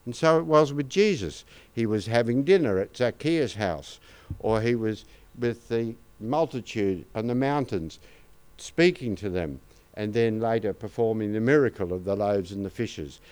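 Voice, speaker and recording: Older Australian man preaching, smooth voice. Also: fairly low pitch, lively intonation, normal speed, a little mellow. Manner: conversational, anecdotal preaching with asides to the congregation. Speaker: pastor. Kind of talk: sermon.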